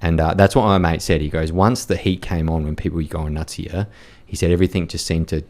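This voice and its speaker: Blunt deep-voiced man. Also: steady tone, brisk, a little mellow. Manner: blunt, profane, rambling with many fillers. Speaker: podcast guest, war reporter. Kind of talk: casual storytelling chat.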